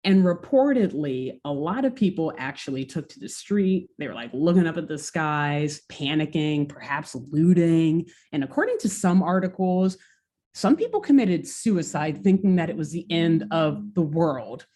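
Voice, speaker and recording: A woman co-hosting a podcast, telling a story in a casual, animated way with lots of "like.". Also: low-pitched, moderate pace. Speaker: podcast co-host.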